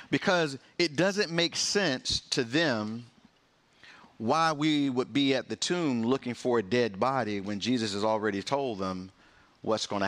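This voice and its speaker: A man pastor delivering a sermon, preaching with passion and sharp swings in pitch and pace.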